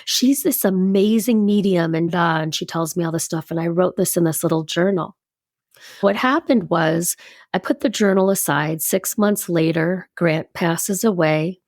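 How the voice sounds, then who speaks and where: A woman in her fifties, a podcast guest, telling a personal story in an animated way and acting out what people said. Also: on the low side, normal speed, no room sound, studio quality. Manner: animated storyteller who acts out quoted speech.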